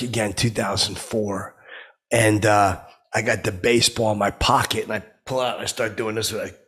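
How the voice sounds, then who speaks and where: Brief: male actor as a self-important has-been comedian, low gravelly voice, rambling and oblivious. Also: fairly bright tone, exaggerated voice. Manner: rambling, self-important, full of filler and restarts. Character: oblivious, boastful washed-up male stand-up comedian. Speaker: podcast host. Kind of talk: improvised comedic monologue.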